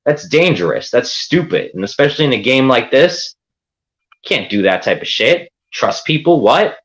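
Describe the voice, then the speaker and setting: A man's voice: medium pitch, sing-song, moderate pace, fairly bright tone, low-quality recording. A man ranting defiantly on a livestream, profane and rambling. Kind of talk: livestream rant.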